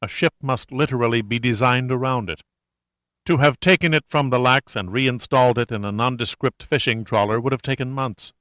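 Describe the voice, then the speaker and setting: Brief: male audiobook narrator, measured, middle pitch, close dry read. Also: a bit bright, no echo.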